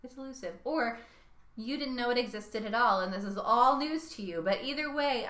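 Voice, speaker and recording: A young woman vocal coach giving a singing lesson, talking in a lively way and showing each sound with her own voice. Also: a little high, reverberant.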